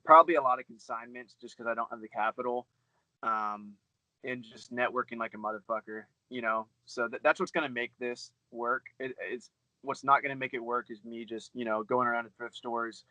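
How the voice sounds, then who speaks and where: A man's voice: medium pitch, fairly even intonation, sharp tone, no room sound, rough recording. A man talking casually as an interview guest, loose and chatty, with plenty of fillers and swearing. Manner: fast, loose, swears freely, many fillers. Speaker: guest, book reseller.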